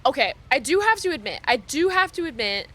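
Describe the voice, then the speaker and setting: Young woman streamer, casual chat, bright and slightly high, laughs a lot, swears. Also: fairly quick. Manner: animated, laughing often, swearing freely.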